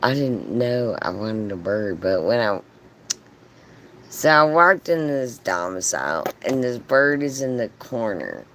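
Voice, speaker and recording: Slow, animated man telling a story. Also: medium pitch, slight background noise. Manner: chatty, profane, laughs often. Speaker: live streamer. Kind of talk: casual storytelling on a livestream.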